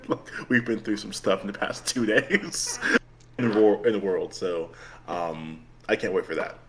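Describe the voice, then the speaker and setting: A man's voice: fairly low pitch, measured pace. A man chatting casually about a tabletop game as a player, rambling with lots of "like" and frequent laughs. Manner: rambling, heavy use of "like", laughs often. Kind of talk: casual post-game chat.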